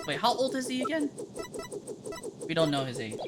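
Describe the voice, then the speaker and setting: A young woman giving casual let's-play commentary, chatty, excitable and laughing often. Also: medium pitch, moderate pace, pauses often. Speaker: game streamer. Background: game music.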